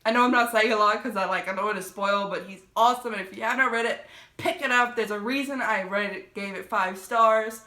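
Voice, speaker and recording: A woman's voice: medium pitch, brisk. Gushing woman book vlogger. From United States. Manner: gushing, excitable, rambling with many fillers. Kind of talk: casual book review vlog. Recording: echoey room.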